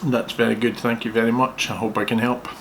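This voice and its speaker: A man's voice: mid-range voice, little pitch movement, brisk, a bit bright, slight background noise. An older man answering viewer questions at home in a jokey, rambling, self-deprecating way. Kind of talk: casual chat.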